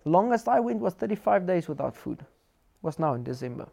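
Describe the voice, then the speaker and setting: Preaching a sermon in a South African accent, this man tells lively personal stories and slips Afrikaans words into his English. His voice is high and fast, with vocal fry.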